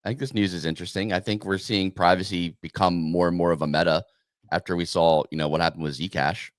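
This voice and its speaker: Low voiced guy on a crypto podcast, laid back and thoughtful, dry sound. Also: fairly even intonation, fast talker, no room sound. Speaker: podcast co-host. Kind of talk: casual crypto news podcast.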